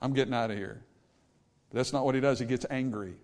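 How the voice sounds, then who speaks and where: A man preaching a sermon, swinging from hushed asides to loud peaks and acting out the people in his story. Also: medium pitch, fast. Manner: acts out quoted people in character voices. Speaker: pastor.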